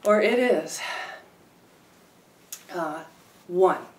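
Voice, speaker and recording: A woman poet reading her own poems aloud, with low-key, wry asides between them. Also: animated, extremely slow. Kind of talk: poetry reading with spoken asides. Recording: roomy sound from a distant mic.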